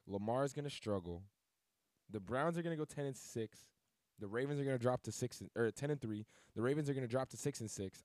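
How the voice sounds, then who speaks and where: A man's voice: mid-range voice, warm tone, no room sound, clean studio sound. A man hosting a sports podcast, talking loosely and casually with lots of fillers and restarts. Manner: loose, rambling, filler-heavy delivery with self-corrections. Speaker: podcast host.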